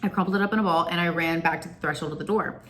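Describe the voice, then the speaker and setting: A young woman from Florida, a singer, chatting to camera and telling childhood stories in an animated way, laughing often. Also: lowish voice, very fast, slight background noise. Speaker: singer and vlogger. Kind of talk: chatty storytelling.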